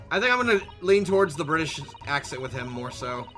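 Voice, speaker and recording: A male streamer with a high, bright, very animated voice, commenting on a game in an irreverent, jokey way. Faint game music plays behind him. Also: quick pace, few pauses. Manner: irreverent, joking, swears freely. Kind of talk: let's-play commentary.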